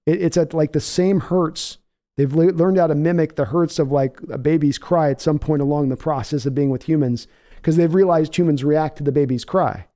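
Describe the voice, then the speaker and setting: Brief: rambling male stream host, warm-toned, casual play-by-play. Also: fairly high pitch, steady tone, normal speed. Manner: rambling, filler-heavy. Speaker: podcast host. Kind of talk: casual live chat with play-by-play.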